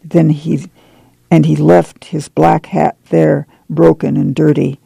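A man reads a novel aloud for radio, his narration plain and even. His voice is heavily gravelly and dark, fairly high for a man, and sits close and dry on the mic. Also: takes it slowly, no room sound, rough recording. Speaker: audiobook reader.

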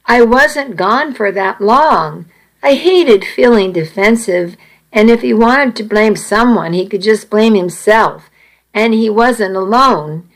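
A woman reading a first-person story aloud at an unhurried pace, with small restarts. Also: medium pitch, lively intonation, poor audio. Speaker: narrator reading a novel aloud. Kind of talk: first-person audiobook narration.

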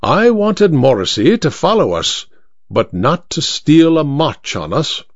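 A shrewd Victorian detective, played by a man, bland and utterly sure of himself, with a fairly high voice that rises and falls a lot. The recording is dry and somewhat dull. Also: huge pitch swings, a little slow, no echo, exaggerated voice. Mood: explaining. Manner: crisp, bland and self-assured.

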